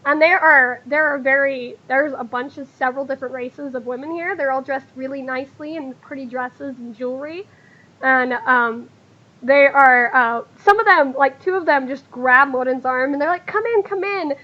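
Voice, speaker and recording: A woman game master narrates a tabletop game in a high, light voice. She halts often and fills gaps with ums and uhs. The audio is dull and lo-fi over a voice call. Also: steady tone. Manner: halting, full of fillers.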